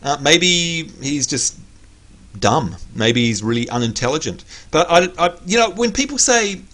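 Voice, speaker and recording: Excitable Australian man streaming a game. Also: a little slow. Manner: excitable, jumps into high squeals of delight. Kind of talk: live gameplay commentary. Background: faint game music.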